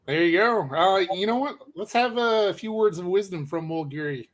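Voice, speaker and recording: Rambling man with a fairly high voice. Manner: rambling, halting with many fillers. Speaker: live stream co-host. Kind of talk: casual chat.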